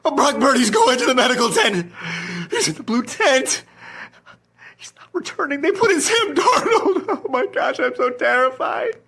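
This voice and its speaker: A woman's voice: high-pitched, sing-song, normal speed, a bit bright, breathy edge, exaggerated voice. A woman playing a distraught fantasy football manager in a comedy skit, sobbing, whispering and panicking. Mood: panicked, wailing. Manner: sobbing, whispering, swinging between panic and despair.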